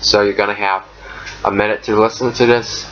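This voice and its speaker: A man teaching an English lesson, explaining step by step with frequent pauses and fillers. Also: lowish voice, level tone, fairly bright tone. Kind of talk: recorded lesson walkthrough. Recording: dull lo-fi recording, faint noise.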